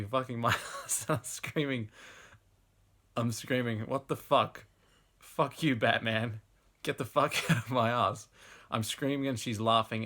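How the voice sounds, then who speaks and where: A low-pitched young man gives a comic reading of trashy fiction. He laughs his way through the lines and drops into relaxed, offhand remarks between excerpts. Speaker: host reading fan fiction aloud. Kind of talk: comic dramatic reading with asides.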